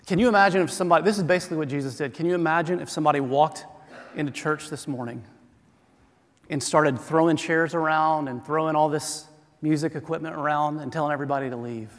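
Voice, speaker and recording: A middle-aged man delivers a sermon from a church pulpit, his voice sitting a little higher than most men's. He talks in a relaxed, conversational way with bits of self-deprecating humor, and a long reverb trails his words through the sanctuary. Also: quick pace. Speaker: pastor.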